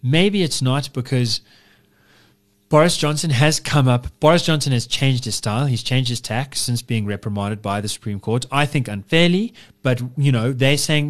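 A man's voice: medium pitch, normal speed. Man arguing in long winding sentences. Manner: discursive, philosophical, argues in long winding sentences. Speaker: podcast co-host. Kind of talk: casual political chat.

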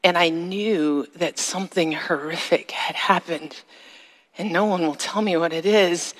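A woman giving a sermon-style personal testimony, with slow, emphatic phrasing that rises to a high cry in the re-enacted moments. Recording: long reverb of a large hall.

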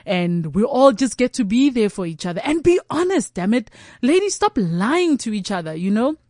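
A woman's voice: a little high, big pitch swings, moderate pace, mellow, dry recording, studio quality. A woman comedian talking candidly and animatedly. She often slips into quoted voices and imagined dialogue, and restarts her sentences as she goes. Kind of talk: candid conversational chat.

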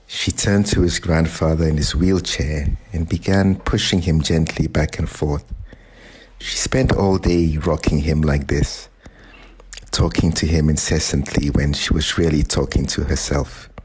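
A man narrating a short story in a calm, measured reading voice. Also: very deep voice, husky, poor audio. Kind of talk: audiobook narration.

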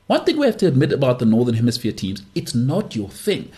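A man's voice: mid-range voice, huge pitch swings, fast talker, mellow. A man hosting a podcast, talking about sport on his own in an emphatic, dismissive way and repeating phrases for effect. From South Africa. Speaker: podcast host. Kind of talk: opinionated solo sports talk.

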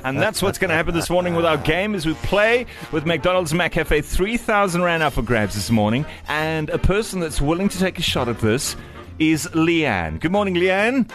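Radio guy, bit high voice, laughing at himself a lot. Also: animated, moderate pace, over music. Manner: laughing, self-mocking. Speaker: radio breakfast host. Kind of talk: casual radio banter.

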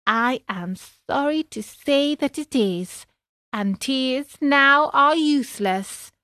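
A woman voicing a kind, fat little female dormouse who speaks softly and sadly. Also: high voice, animated, slow pace, clean tone, dry recording, studio quality, voice pushed up, exaggerated voice. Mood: gently grave.

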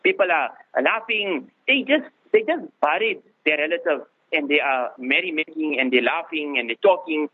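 Husky-voiced preacher on lo-fi radio. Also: male voice, on the high side, lively intonation, moderate pace, few pauses. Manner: repetitive, restarts phrases for emphasis. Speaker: mufti giving a talk. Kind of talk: informal religious talk. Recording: lo-fi radio broadcast, phone-like band.

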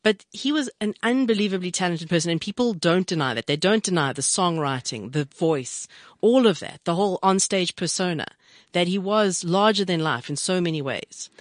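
A woman co-hosting a radio show, chatting casually and emphatically, quick to correct her partner. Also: fairly low pitch, lively intonation, dry recording, studio quality. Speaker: radio co-host.

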